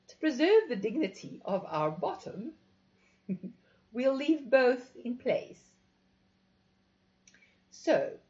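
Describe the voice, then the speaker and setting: A woman doing a sultry bossy female instructor, lively pitch, teasing and authoritative, dull lo-fi recording. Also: full character voice.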